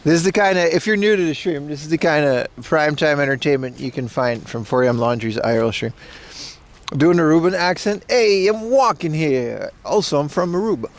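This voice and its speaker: A man's voice: on the high side, quick pace. A man hosting a casual outdoor livestream, rambling and joking with playful self-mockery. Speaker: IRL livestream host. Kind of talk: casual walking livestream chat. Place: outdoors at an event in Japan.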